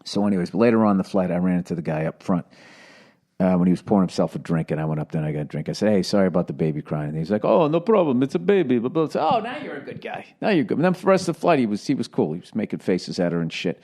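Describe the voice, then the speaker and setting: A man's voice: deep voice, very fast, warm tone. Profane rambling podcast host man. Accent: Boston. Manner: rambling, profane, sarcastic storytelling. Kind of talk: casual solo podcast monologue.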